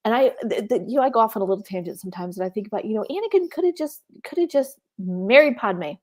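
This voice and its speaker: A woman co-hosting a casual fan discussion stream, animated and quick to laugh, talking on a home microphone. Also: medium pitch. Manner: animated, laughs often, puts on mock voices for jokes. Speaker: podcast co-host. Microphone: home mic on a video call.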